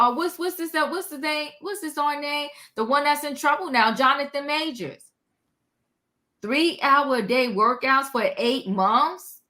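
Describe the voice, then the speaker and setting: A woman's voice: high voice, pushed and bright. A woman hosting a casual commentary livestream, chatty and slangy, greeting her viewers and exclaiming as she goes. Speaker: livestream host.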